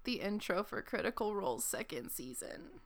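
A woman's voice: medium pitch, sing-song, normal speed, a crowd in the background. A young woman co-hosting a casual podcast, talking animatedly with lots of filler likes. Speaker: podcast co-host. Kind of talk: casual chat.

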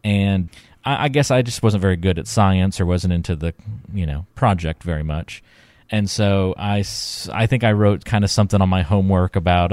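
A man co-hosting a talk show about finances, telling stories in a relaxed way with fillers and laughs. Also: low-pitched, fairly quick, no echo. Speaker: podcast co-host. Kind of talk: casual chat.

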